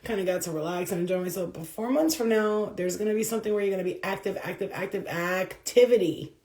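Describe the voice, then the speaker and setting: A woman's voice: mid-range voice, fast talker, darkish tone. A woman giving a casual spiritual reading, full of street slang, swearing and frequent laughter. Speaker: spiritual reader. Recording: roomy echo.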